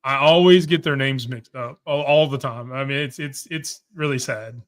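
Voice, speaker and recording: A man's voice: medium pitch, normal speed. A man co-hosting a podcast, chatting in an easygoing, self-deprecating way over a home video-call mic. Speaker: podcast co-host. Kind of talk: casual chat over a watch-along.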